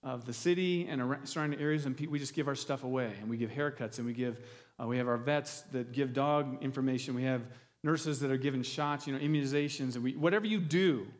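A man of ordinary pitch preaching a sermon in a church auditorium. His delivery is loose and unscripted, full of restarts and fillers. He sounds earnest and heartfelt. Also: fast, long reverb tail. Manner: earnest, gets emotional near the end. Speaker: pastor.

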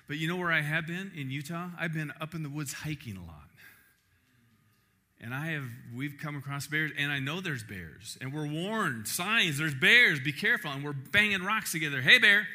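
A man preaching to a camp in a lively, emphatic way, piling up rhetorical questions. His voice sits a little high. It sounds very bright and forceful. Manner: emphatic, fires rhetorical questions, animated storytelling. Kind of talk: sermon.

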